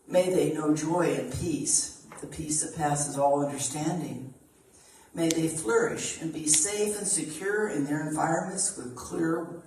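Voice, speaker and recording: A woman giving a spiritual reading, calm and earnest as she reads aloud. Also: low-pitched, slight background noise. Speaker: reader. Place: church hall. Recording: echoey hall from far off.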